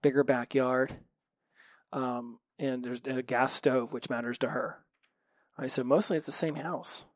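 A man's voice: medium pitch, fairly even intonation, unhurried, no room sound. Male podcast host, candid solo talk, cusses freely, mid-range voice, dry close sound. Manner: frank and reflective, swears freely.

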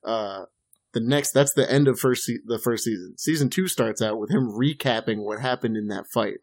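A man with a medium-pitched, slightly mellow voice talks at a moderate pace. He's a podcast co-host chatting casually, rambling and swearing through loose stories packed with fillers.

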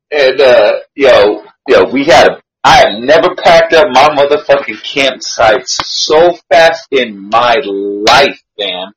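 A man in a relaxed chat, telling a story with lots of slang and swearing. He talks at a middling pitch and gets animated as the story builds. A faint noise sits behind him. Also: slow, few pauses, low-quality recording. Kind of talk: casual storytelling.

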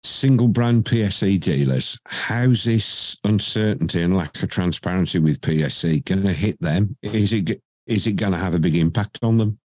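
A man's voice: sits low, moderate pace, few pauses, darkish tone, no room sound, clean studio sound. A man from the UK in a casual podcast chat, blunt and crude in his humor.

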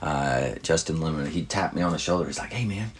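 A man's voice: a bass voice, steady tone, quick pace, husky. A man hosting a casual storytelling show, telling an anecdote in an easygoing, rambling way with many fillers and restarts. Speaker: podcast host.

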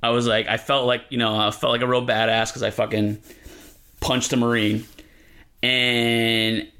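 A comedian guest on a podcast telling a story in an animated, profane way, full of fillers. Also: male voice, medium pitch, normal speed.

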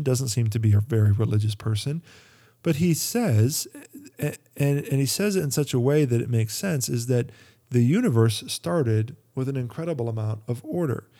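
Man, mellow voice, casual rambling talk, lots of uhs and restarts, Christian podcaster. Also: mid-range voice. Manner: rambling, many fillers and restarts. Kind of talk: casual monologue.

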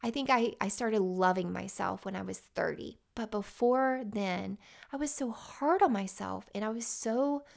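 A woman's voice: mid-range voice, measured pace, gravelly. A woman, chatting heartfelt and casual as a vlogger, often restarting her sentences. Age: late 30s. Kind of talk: casual personal chat.

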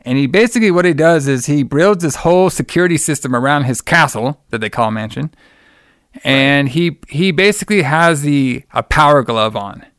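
A man's voice: fairly high pitch, animated, moderate pace, a bit bright, smooth, no room sound, clean studio sound. A man in casual chat, retelling a movie plot in a loose, profane, rambling way and laughing often. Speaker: podcast co-host recapping a movie.

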